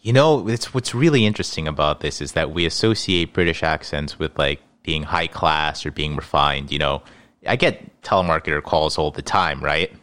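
A man's voice: rumbling low, normal speed, fairly bright tone. A man in his twenties telling a casual story in a podcast chat, rambling with many fillers.

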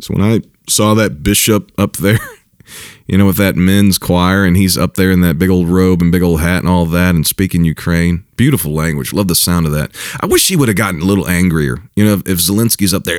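A man, a pastor, giving casual spoken commentary, halting and repeating himself, chuckling now and then. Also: sits low, dry recording, clean studio sound. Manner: halting and repetitive, with chuckles and mocking mimicry.

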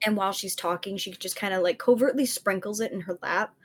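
A woman plays a tabletop game and describes her character's actions. She speaks in a quick, matter-of-fact way with steady, unfussy phrasing. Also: mid-range voice. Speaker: player.

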